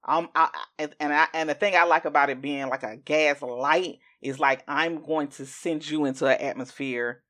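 A woman hosting a podcast in casual chat, animated and acting out what other people say. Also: moderate pace, few pauses. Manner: animated, acts out quoted speech in jumps of pitch. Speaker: podcast host.

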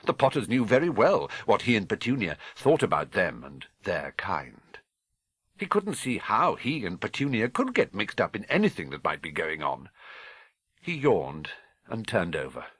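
A British man narrating an audiobook with expressive, measured storytelling. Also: on the low side, breathy edge, no room sound. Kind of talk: scripted narration.

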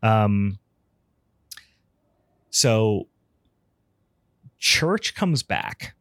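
Man, low voice, podcast co-host, rambling casual recap, swears, fillers, dry sound. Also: very animated, extremely slow, a bit bright, smooth, no room sound.

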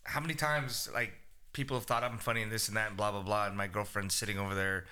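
A man in a casual podcast chat, tossing in quick joking asides. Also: fairly low pitch, steady tone, bright, forceful tone, clear, resonant tone. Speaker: podcast co-host.

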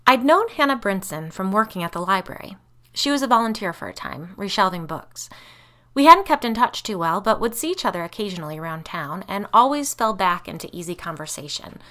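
A woman's voice: mid-range voice, pushed and bright. A woman giving wry, conversational first-person audiobook narration.

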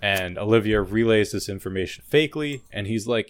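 A man chatting casually about a TV episode on a podcast, animated and quick to laugh, acting out lines from the show. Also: fairly low pitch, smooth, no room sound. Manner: animated, laughs often, acts out quotes. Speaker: podcast co-host. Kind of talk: casual TV recap chat.

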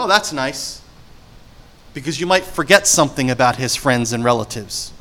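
A man's voice: fairly high pitch, rough recording. A man preaching a sermon, reading scripture dramatically and asking his listeners questions in a conversational way. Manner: emphatic, dramatic scripture reading with sudden loud and quiet turns; conversational, asks the audience questions.

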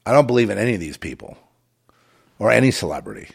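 A man's voice: lowish voice, big pitch swings, fast, gravelly, slightly rough. A man delivering a rambling, moralizing monologue with a sardonic, digressive way of talking.

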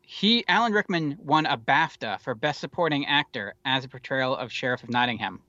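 Male podcast co-host, casual and rambling, profane asides, crisp dry close sound. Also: mid-range voice, lively intonation, brisk, pushed and bright, no echo, dull audio. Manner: rambling, wry and profane, with many fillers. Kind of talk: casual movie chat.

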